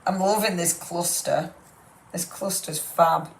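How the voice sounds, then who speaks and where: A woman's voice: lowish voice, fairly even intonation, takes it slowly, creaky, a little hiss or hum. A woman leads a live crafting demo, chatty and gushing with rambling asides. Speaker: craft demonstrator. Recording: roomy echo.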